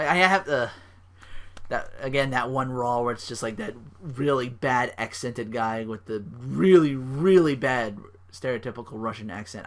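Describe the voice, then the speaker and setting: Rambling man on a solo podcast. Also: medium pitch. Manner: rambling, heavy "like" fillers, restarts. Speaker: podcast host.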